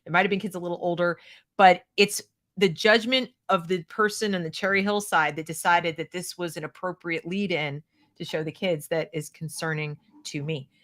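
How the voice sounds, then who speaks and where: A woman's voice: fairly low pitch, steady tone, moderate pace, a bit bright. An American woman giving opinionated commentary, sarcastic and mocking the clips she reacts to. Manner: sarcastic, mocks quoted clips.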